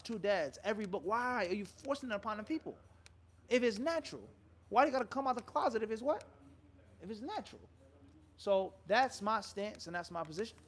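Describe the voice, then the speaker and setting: A man, a Muslim scholar, answering viewers' questions on a live stream in an emphatic preaching style, firing off rhetorical questions and dropping in Arabic phrases. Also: sits high. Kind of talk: live Q&A sermon.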